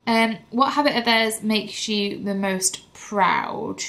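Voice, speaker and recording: A woman's voice: medium pitch, animated, slow pace, fairly bright tone. A young woman, chatting candidly to camera as a vlogging mother, with lots of "like" fillers. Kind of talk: casual chat to camera.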